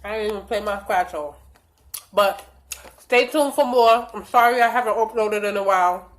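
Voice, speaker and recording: A woman's voice: medium pitch, moderate pace. A woman vlogger talking loosely and casually to her viewers, cursing freely while drinking and smoking at home. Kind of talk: casual vlog chat to camera.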